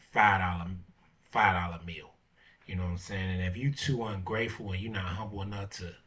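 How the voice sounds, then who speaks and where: A man's voice: sits low, fairly bright tone, distant mic. A man, hosting a casual monologue in a laid-back way, full of fillers and swearing. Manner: laid-back, fillers like "you know what I'm saying", swearing. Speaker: podcast host.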